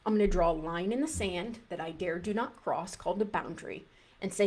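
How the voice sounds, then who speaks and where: A woman's voice: lowish voice, brisk, darkish tone. A woman dietitian coaching a live group in a conversational way, often restarting phrases and acting out an inner voice.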